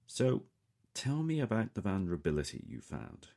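A man's voice: fairly low pitch, wildly swooping pitch, normal speed, gravelly, darkish tone, voice pushed up, heavily acted. A man voicing a middle-aged male company boss with a Southern US accent, polite and businesslike in an audiobook. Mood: courteous. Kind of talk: audiobook character voice.

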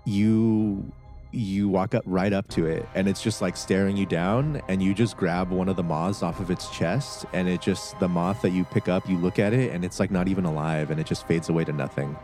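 A man's voice: low-pitched, normal speed, darkish tone, soft background music. A man running a tabletop role-playing game as game master, describing scenes in a loose, laid-back way with many fillers.

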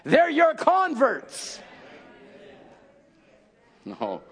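A man preaching a fiery sermon, calling out to his congregation and often rising into shouted exhortation. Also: very high-pitched, huge pitch swings, very slow.

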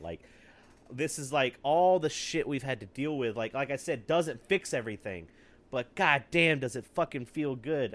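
Speaking at an ordinary pace in a medium-pitched voice, this podcast co-host keeps the chat casual. His talk is profane and full of laughter, with lively storytelling throughout.

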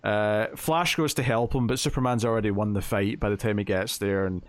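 A man's voice: lowish voice, fairly even intonation, brisk, dry recording. A man co-hosting a podcast, casually recapping a comic book plot with lots of fillers and quoted lines. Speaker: podcast co-host.

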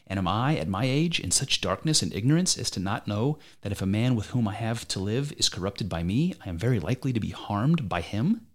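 A man's voice: fairly low pitch, big pitch swings, a little fast, hardly any pauses. A man reading the part of an aging male philosopher defending himself in court, pressing his accuser with pointed rhetorical questions in an amateur dramatic reading. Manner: argumentative, probing rhetorical questions.

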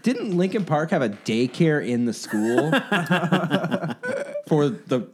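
A man's voice: a little high, very animated, slow pace, very noisy. A man on a casual podcast, joking about himself in a wry, self-mocking way. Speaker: podcast co-host. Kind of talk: casual chat.

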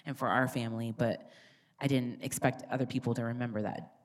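Very low-voiced woman sharing earnestly. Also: steady tone, fairly quick. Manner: soft, earnest, with many fillers. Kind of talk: casual sharing in a group.

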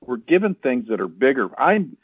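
A man as a guest, speaking earnestly and thoughtfully, with some halting restarts. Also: medium pitch, big pitch swings, slightly rough, no room sound. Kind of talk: reflective conversation. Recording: tinny phone line, dry.

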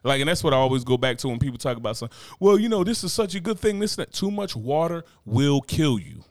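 A man's voice: fairly high pitch, racing, dry recording, studio quality. A man co-hosting a podcast in casual chat, blunt and profane, mimicking people for laughs. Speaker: podcast co-host.

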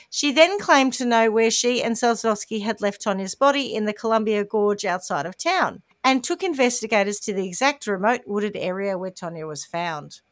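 A woman's voice: on the high side, fairly bright tone, dry recording. A woman podcast host telling a true crime story in a chatty, wry way. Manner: chatty, wry, tells the case in detail.

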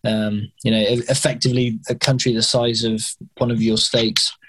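A man's voice: mid-range voice, little pitch movement, normal speed, a bit bright, husky. A man with an English accent talks in an easygoing conversation. He starts sentences over and over, stumbling on repeated words before getting his point across. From England. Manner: hesitant, repeats words often. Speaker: guest. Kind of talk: casual conversation.

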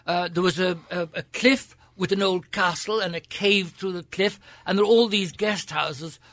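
Older Irish gent with a grand upper-class accent, gravelly and bright, wry raconteur, dry studio sound. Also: male voice, high-pitched, fairly even intonation, moderate pace, no echo. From Ireland. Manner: theatrical, wry storyteller. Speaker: guest, senator. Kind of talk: frank anecdotal interview. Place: radio studio.

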